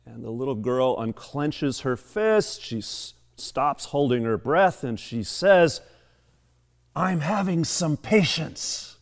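Lively-voiced pastor preaching in a reverberant church. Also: male voice, mid-range voice, slow pace, hardly any pauses. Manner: storytelling, chatty asides with fillers. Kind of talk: sermon. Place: church sanctuary. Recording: long hall reverb.

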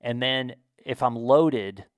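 A man's voice: medium pitch, takes it slowly, dry recording. An American man telling an enthusiastic, chatty story to his viewers in a casual vlog. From United States. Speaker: vlogger. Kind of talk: casual talk to camera.

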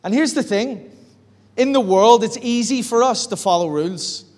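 A man preaching a sermon as pastor, animated, acting out bits of dialogue in different voices. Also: extremely high pitch, normal speed. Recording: long hall reverb.

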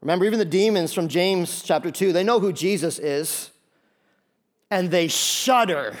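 An animated pastor preaching to his congregation, high-pitched for a man. He keeps it loose and conversational, tossing in jokes between points. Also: a little slow. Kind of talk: sermon. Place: church before a congregation.

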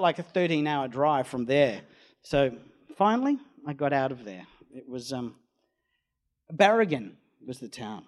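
In a mid-range, sing-song voice at a measured pace, an Australian man who chases storms wanders through a story in an interview. He performs quoted voices loudly as he goes.

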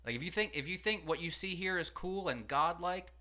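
Guy podcast pastor, bright voice, chatty and animated, talking it through in a studio. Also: high-pitched, brisk. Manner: conversational, animated, acts out quotes. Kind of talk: casual teaching conversation.

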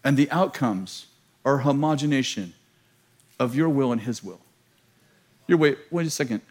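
A middle-aged American pastor preaching a sermon to a church, telling a story with laughter and self-mocking humor. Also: male voice, mid-range voice, lively intonation, moderate pace, a little mellow. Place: large church.

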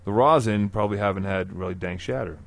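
A man in casual podcast chat, relaxed but ready to argue his point. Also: on the low side, fast talker, gravelly. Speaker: podcast co-host.

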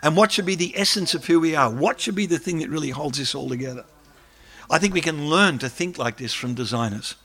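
A man, an academic, giving a lively lecture and taking questions from the audience. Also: fairly high pitch, fairly quick. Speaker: academic speaker.

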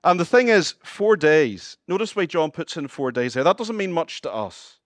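Northern Irish pastor preaching, dry sound. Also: male voice, on the high side, moderate pace, no echo. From Northern Ireland. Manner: shifts between lively humorous asides and hushed earnest appeals. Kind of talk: sermon.

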